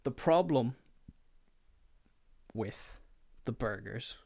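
Young man, casual storyteller, swears a lot, mid-pitched, dry close recording. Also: animated, very slow, gravelly, a little mellow, no echo. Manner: swearing, rambling, quoting family members. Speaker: podcast host.

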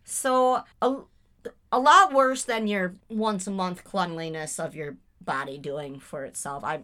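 A young woman co-hosting a podcast, telling a funny story in a giggly, animated way and acting out the voices. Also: lowish voice, unhurried. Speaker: podcast co-host. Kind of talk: casual chat.

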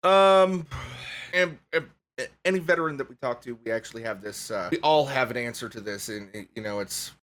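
A man's voice: medium pitch, fairly quick, a bit bright. A man hosting a podcast, asking interview questions in a hesitant way, with lots of ums and uhs. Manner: hesitant, many fillers. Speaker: podcast host.

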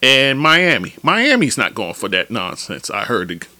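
A man hosting a solo basketball podcast, ranting in an animated, opinionated, slangy way. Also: medium pitch, unhurried, no echo. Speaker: podcast host.

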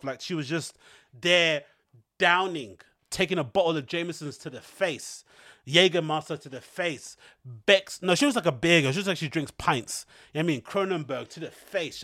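A man's voice: on the high side, fairly bright tone, no room sound, studio quality. A man hosting a podcast, rambling in casual slangy chat and laughing often. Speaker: podcast host.

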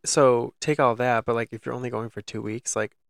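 A young man talks in a relaxed, rambling way, piling up fillers as he tells a story. His voice has a gravelly edge, and it sits in a dry, close recording with no room sound. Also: mid-range voice, brisk, no room sound. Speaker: podcast co-host. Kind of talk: casual chat.

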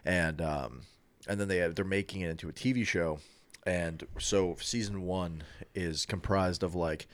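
A man with a very low, deep voice talks loosely on a podcast, circling back and restarting his sentences. The sound is dry and close, with no room around it. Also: fairly even intonation, measured pace, no room sound. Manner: rambling, many restarts and fillers. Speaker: podcast co-host. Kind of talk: casual chat.

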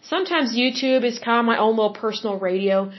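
A middle-aged woman hosts her own podcast in a chatty, emphatic way, often circling back to repeat a point. Her voice sits a little high for a woman. The sound is dull and lo-fi. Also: animated, quick pace. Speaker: podcast host. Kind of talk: casual solo podcast monologue.

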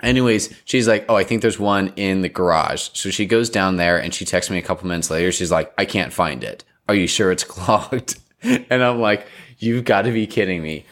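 Young male storyteller, deep, low register, casual and animated, filler-heavy. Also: moderate pace. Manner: animated, rambling with many fillers. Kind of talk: casual chat, telling an embarrassing story.

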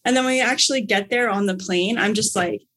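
Brief: woman, casual storyteller, husky, excitable, gushes and acts out quotes. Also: mid-range voice, fast. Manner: bubbly, gushing, acts out quotes with big excited outbursts.

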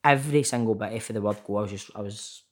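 A Scottish man with a fairly low voice chats loosely on a call, peppering his stories with "mate" and the odd swear word. He is an actor talking about his work in a relaxed, unguarded way. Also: fast talker. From Scotland. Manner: chatty storyteller, keeps saying mate, swears freely. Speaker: actor guest. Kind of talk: casual chat. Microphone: remote call.

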